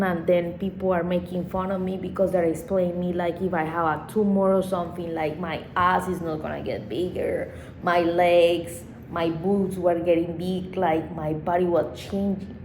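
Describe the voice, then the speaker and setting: A woman's voice: lowish voice, level tone, normal speed, darkish tone. A woman vlogger telling a personal story in a rambling, emotional way with frequent swearing. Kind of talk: casual storytime monologue. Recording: echoey room with faint background noise.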